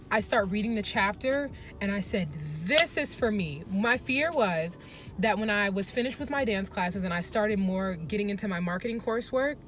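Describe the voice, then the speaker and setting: A woman's voice: mid-range voice, slight background noise. A young woman talking earnestly to the camera from her parked car, chatty and full of fillers, for a casual confessional vlog. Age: young adult. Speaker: vlogger.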